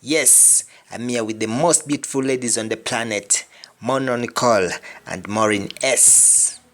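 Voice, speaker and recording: A man's voice: medium pitch, a little slow, a bit bright. A man hosting a video language lesson, speaking emphatically and repeating example phrases. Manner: emphatic, repetitive example sentences. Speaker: language teacher.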